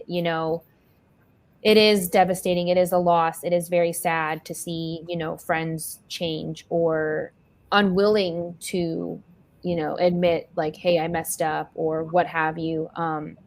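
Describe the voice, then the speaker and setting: Lower-voiced woman podcast host. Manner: reflective, measured, filler "um". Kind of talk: supportive interview chat.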